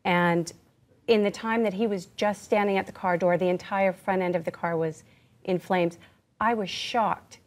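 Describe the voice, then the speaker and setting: A woman's voice: lowish voice, fairly even intonation, moderate pace. Earnest woman guest on TV. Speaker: interview guest. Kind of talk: recounting events on a TV interview.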